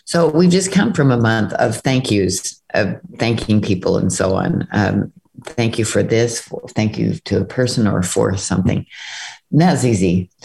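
A woman's voice: very deep voice, lively intonation, normal speed, creaky, a little mellow. An older woman co-hosting a casual devotional chat, talking in a conversational, earnest way. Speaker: co-host.

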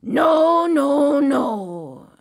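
A woman storyteller voicing a cranky man who shouts at birds in his garden. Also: fairly high pitch, big pitch swings, slow, no echo, clean studio sound, voice pushed up. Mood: shouting. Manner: shouts repeated no's.

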